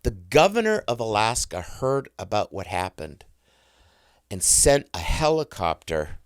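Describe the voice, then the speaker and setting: Man, middle-aged, podcast guest, lowish voice, dry close sound, animated storytelling, self-interrupting. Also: a little slow, smooth, dry recording. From United States.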